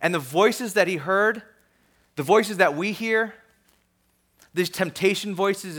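Animated conversational male preacher. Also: high-pitched, slow pace, long pauses. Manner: conversational, animated, swings between soft asides and emphatic peaks. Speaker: pastor. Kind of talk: sermon.

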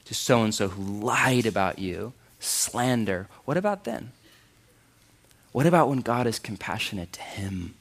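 A man preaching a sermon, animated and emphatic, asking his congregation questions and dropping quiet for serious points. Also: fairly low pitch. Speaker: pastor.

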